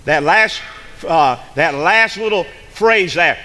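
A man preaching a sermon with emphatic delivery, repeating words and swinging from loud bursts to hushed tones. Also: fairly high pitch, animated, a little slow. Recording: hall reverb.

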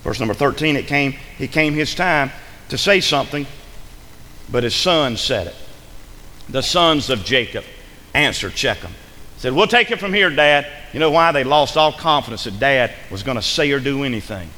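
A man preaching a sermon, lively and forceful, acting out the voices of the people he addresses. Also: medium pitch, normal speed, big-room sound, low-quality recording. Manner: animated preaching, acts out imagined voices. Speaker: pastor.

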